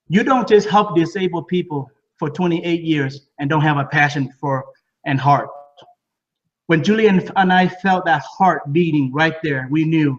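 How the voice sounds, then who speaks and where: Distant, muffled man pitching with excitement. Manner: repeats words, broken English phrasing. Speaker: speaker at a home business party. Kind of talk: enthusiastic sales pitch. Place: living room of a home party.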